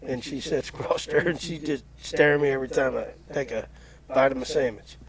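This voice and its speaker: A man's voice: medium pitch, a little fast, a crowd in the background. A man hosting a podcast, telling a long story in a rambling, folksy way. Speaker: podcast host. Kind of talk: casual chat, anecdote telling.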